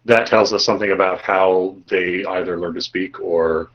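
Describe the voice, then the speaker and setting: A man with a low, husky voice plays in a tabletop game. He asks questions and works through his reasoning aloud. The audio is muffled and lo-fi. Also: steady tone, moderate pace. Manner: inquisitive, reasoning things out. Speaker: player. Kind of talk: tabletop role-play, asking the game master questions.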